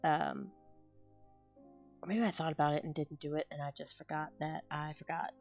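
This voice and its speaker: Brief: woman with a slightly low voice, chatting loosely with her viewers as she draws. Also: fairly even intonation, normal speed, a little mellow, highs cut off, soft background music. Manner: rambling, self-deprecating, chats with viewers. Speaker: artist streaming her drawing. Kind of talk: casual chat while drawing.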